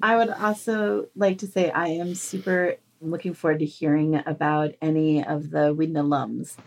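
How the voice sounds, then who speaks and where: A woman's voice: sits low, fairly even intonation, normal speed, vocal fry. A woman co-hosting a casual podcast, talking in an enthusiastic, rambling way. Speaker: podcast co-host.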